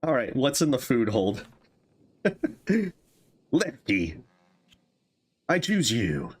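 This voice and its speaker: Brief: male streamer, casual gameplay talk, lively varied pitch, mulling decisions aloud. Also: extremely slow, slight background noise. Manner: thinking aloud, musing over choices. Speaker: streamer playing a game.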